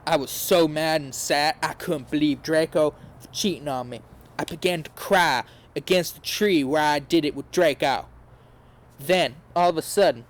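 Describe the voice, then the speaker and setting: A man hosting a podcast, giving a comedic dramatic reading with a mock-earnest tone and sarcastic asides. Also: a little high. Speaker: podcast host reading aloud.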